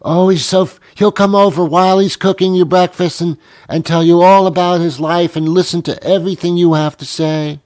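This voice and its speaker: A man's voice: high-pitched, fairly even intonation, normal speed, few pauses, darkish tone, dry recording, voice pushed up, lightly acted. A man voicing a gushing, overfriendly woman restaurant hostess who gasps between lines. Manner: breathless gushing, gasping.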